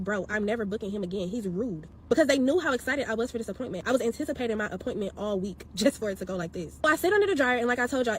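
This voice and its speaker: Woman, rapid storytime, slangy and exasperated, slightly high voice. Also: slight background noise. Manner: expressive, slangy, exasperated, acts out quotes. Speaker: storyteller vlogger. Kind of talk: animated storytime retelling.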